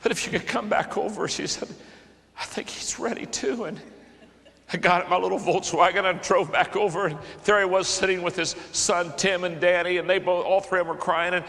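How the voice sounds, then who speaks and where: An older man preaching to a conference, moving between hushed storytelling and fervent, raised passages. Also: sits high, steady tone, brisk. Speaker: pastor. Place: conference hall. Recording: large hall with long reverb.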